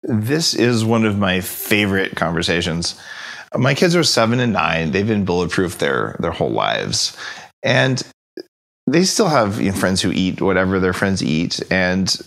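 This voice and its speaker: A man's voice: low voice, moderate pace, vocal fry. A man in his forties, a podcast guest telling stories in a casual interview and acting out the voices of the people in them. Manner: animated storyteller acting out quoted voices. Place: podcast studio.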